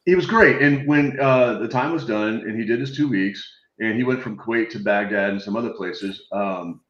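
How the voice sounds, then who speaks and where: A man on a video call telling animated, swear-laced anecdotes in a casual chat, acting out the voices of the people in his stories. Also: fairly low pitch, moderate pace, echoey room, lo-fi sound. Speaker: guest telling war stories.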